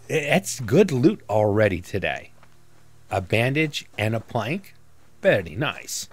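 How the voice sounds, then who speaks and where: A man giving casual let's-play commentary as a gaming YouTuber, rambling and self-mocking as he thinks aloud. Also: fairly low pitch.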